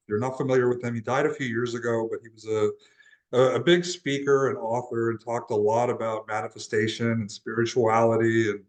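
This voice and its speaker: On a rough recording, a young Texan man from Laredo, USA, speaks in a medium-pitched voice as an interview guest and transformational guide. He shares a personal story in an earnest, casual way, frequently restarting and repeating words.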